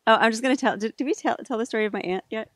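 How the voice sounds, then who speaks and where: A woman's voice: on the high side, very fast, no echo, clean studio sound. A woman co-hosting a casual chat about filmmaking, talking animatedly and saying "like" often. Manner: animated, laughs easily, says "like" often. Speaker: co-host, filmmaker.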